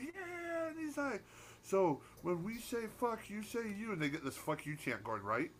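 A man's voice: sits high, huge pitch swings, moderate pace, a bit bright, a little hiss or hum. Rambling man co-hosting a podcast. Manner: rambling, hesitant, profane. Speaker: podcast co-host. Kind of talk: casual chat.

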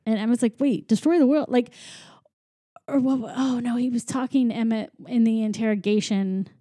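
A woman's voice: fairly high pitch, steady tone, normal speed, mellow, no room sound, studio quality. A woman chatting casually on a podcast, retelling a movie and acting out lines in silly voices, often giggling. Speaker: podcast co-host. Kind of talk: casual movie recap chat.

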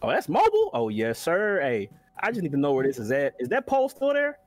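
A young man with a Southern US accent, joking crudely and excitedly in a casual reaction chat, saying "hey" over and over. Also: mid-range voice, a little fast, no room sound, faint music behind. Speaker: reaction panelist.

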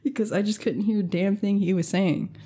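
A woman co-hosting a podcast, chatting casually and telling animated stories, acting out what people said. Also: mid-range voice, fairly quick, breathy edge. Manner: animated storyteller, acts out quotes. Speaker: podcast co-host. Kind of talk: casual chat.

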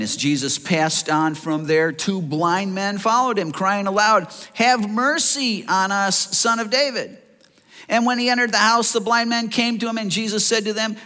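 A male pastor preaching a sermon, animated, acting out the voices of people in the story. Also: sits high. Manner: animated preaching, acts out voices of listeners and Jesus. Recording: long reverb of a church hall.

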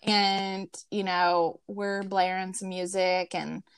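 Woman podcast co-host, animated storyteller, dry close sound. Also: medium pitch, slow pace, smooth, no room sound. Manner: animated, acts out quoted voices, laughs through the story. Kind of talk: casual storytelling chat.

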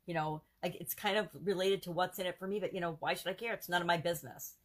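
A woman with a slightly low voice coaches her viewers in a live video. She talks earnestly and conversationally and rattles off examples in rhythmic runs. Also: a little fast, a bit bright. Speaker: self-help challenge coach.

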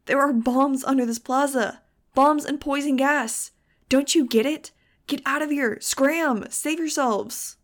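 A woman voicing a desperate teenage bird-girl who yells frantic warnings to a crowd, read in a storybook reading. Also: sits high, measured pace, pitched above the performer's own voice. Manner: frantic yelling.

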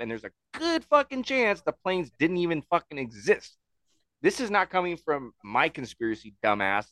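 A man hosting a casual podcast, telling stories in an animated, heavily profane way. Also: mid-range voice, no room sound. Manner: animated, swears constantly, excitable storytelling. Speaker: podcast host.

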